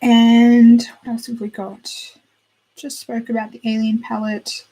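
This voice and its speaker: A woman's voice: on the high side, flat delivery, a little slow, mellow, low-quality recording. A young woman hosting a beauty channel, chatting casually and gushing over new makeup as she browses and thinks aloud. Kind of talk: casual chat.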